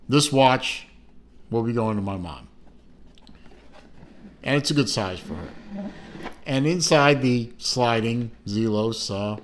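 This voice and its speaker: A middle-aged man talks through a watch unboxing at a very slow, unhurried pace, in a somewhat low voice. He rambles with plenty of fillers and self-corrections, throwing in dry jokes at his own expense. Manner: dry self-mocking asides. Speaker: watch reviewer. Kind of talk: casual unboxing review.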